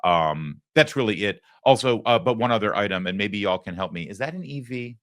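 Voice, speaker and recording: A man's voice: on the low side, expressive, fairly quick, a bit bright. A middle-aged man hosting a political commentary show, talking sarcastically with mocking asides. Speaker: host.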